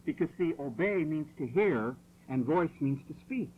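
A man preaching a sermon in a church hall, insistent and forceful, driving points home through repetition. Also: on the high side, expressive, normal speed, narrow, tinny audio, a little hiss or hum. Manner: forceful, insistent, repeats phrases for emphasis.

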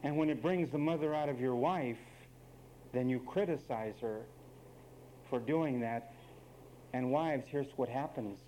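A man's voice: mid-range voice, unhurried, pauses often, mellow, slight background noise, rough recording. A man preaching a sermon, emphatic and wry, speaking straight to the men and women of his congregation.

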